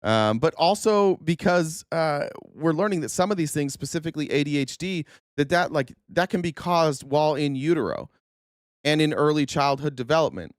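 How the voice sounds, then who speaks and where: A man's voice: a little high, expressive, normal speed, dry recording, clean studio sound. A man hosting a political commentary livestream, earnest and indignant, stumbling over restarts and losing his voice. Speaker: host.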